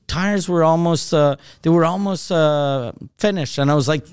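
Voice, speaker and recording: Male comedian podcast host, 30s, a bit high, dry close sound, animated and profane, voices both sides of every exchange. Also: normal speed, few pauses, clean tone, no room sound. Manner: animated, swears constantly, acts out both sides of dialogue. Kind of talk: casual storytelling chat.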